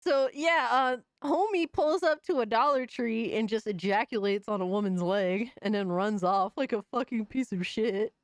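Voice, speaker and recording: A woman's voice: on the high side, moderate pace, few pauses, no room sound, studio quality. A woman hosting a casual livestream, chatting in loose, profane slang and often breaking into laughter. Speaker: livestream host.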